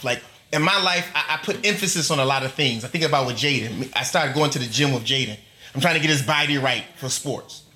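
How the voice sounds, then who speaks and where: A man's voice: a little high, bright, forceful tone. A middle-aged male pastor preaching a sermon to a congregation, emphatic, building long chanted lists. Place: church before a congregation.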